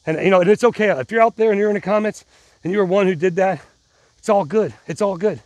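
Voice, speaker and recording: A middle-aged man chats straight to his viewers, buzzing with adrenaline and restarting his sentences as he rambles. His voice sits somewhat high, and it is recorded dry with no room sound. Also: quick pace, a little mellow, no echo. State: pumped up on adrenaline. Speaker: vlogger. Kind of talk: casual vlog talk to viewers.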